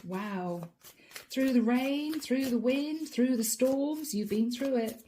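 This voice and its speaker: A woman tarot reader, middle-aged, with a soft, mellow tone that sits a little higher than most. She talks directly to her viewers, coaxing and reassuring them and circling back over the same encouraging phrases. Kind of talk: channeled tarot reading to camera.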